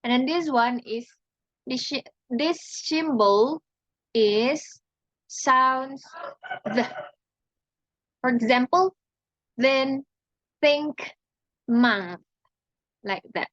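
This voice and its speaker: A young woman from Indonesia giving a class presentation on pronunciation, speaking haltingly and repeating each sound and example word. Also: high voice, a bit bright, no echo, lo-fi sound. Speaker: student presenter.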